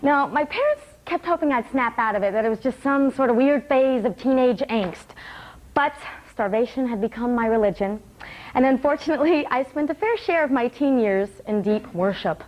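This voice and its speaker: A woman's voice: on the high side, lively intonation, normal speed, dull audio. A woman performing a wry one-woman comedy show on a small theater stage, laughing between lines.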